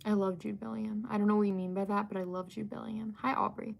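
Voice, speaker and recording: A woman's voice: medium pitch, little pitch movement, fast talker, creaky, slight background noise. A young woman hosting a livestream, chatting casually and reading out viewer comments, with lots of fillers and giggly asides. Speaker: livestream host.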